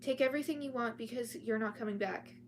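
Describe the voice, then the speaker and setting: A curt female prison matron speaking in a storybook reading, voiced plainly by a woman. She delivers her lines flatly and to the point. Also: on the high side, fast talker, slight background noise, close to an everyday voice.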